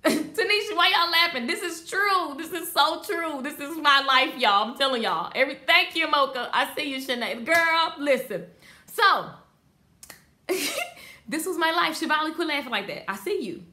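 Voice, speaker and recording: In a high-pitched voice at a moderate pace, a beauty business coach teaches hairstylists live online. She addresses her viewers head-on, animated and forceful, and reads their comments out.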